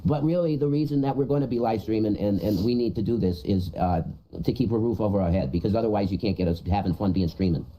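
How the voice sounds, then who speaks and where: A man's voice: on the low side, fast, mellow, poor audio. A man on a livestream, rambling crudely and repeating himself in casual chat.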